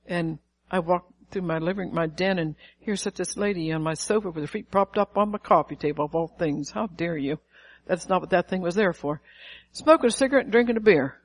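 A middle-aged woman preaching a sermon, emphatic and calling out to her listeners. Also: mid-range voice. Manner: emphatic, calls to the audience.

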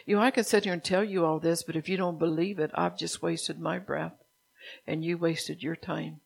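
An older woman pastor preaching a sermon in a soft, unhurried way, stopping now and then to correct herself. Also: on the low side, steady tone, creaky, slightly rough.

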